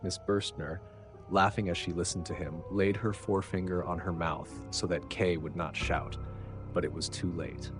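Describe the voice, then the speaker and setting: Deep-voiced male narrator reading a classic novel, measured, with quiet music under. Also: steady tone. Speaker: audiobook narrator. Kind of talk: scripted narration.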